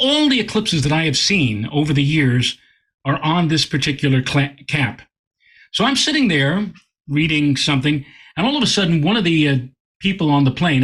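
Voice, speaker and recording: Husky-voiced man telling a story. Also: fairly high pitch. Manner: animated, repeats words while telling a story. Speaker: guest astronomer. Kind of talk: anecdotal storytelling in interview.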